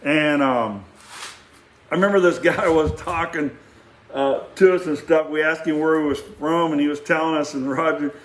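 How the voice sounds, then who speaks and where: A man's voice: a little high, fairly even intonation, moderate pace. Middle-aged texas guy rambling thru an old story, acts out the quotes, kinda echoey room. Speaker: vlogger. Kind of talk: casual storytelling.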